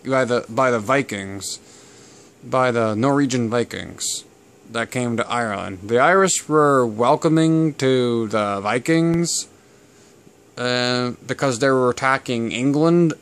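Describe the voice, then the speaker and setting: A Canadian man hosting a channel talks casually to camera about family history, rambling and digressing with lots of fillers. His voice is medium-pitched and unhurried.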